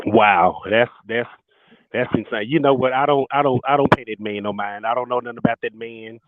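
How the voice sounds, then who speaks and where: A man calling in to a chat, speaking in a halting, drawn-out way and repeating words. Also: mid-range voice, dry recording. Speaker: caller. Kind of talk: casual call-in chat. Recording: tinny phone line.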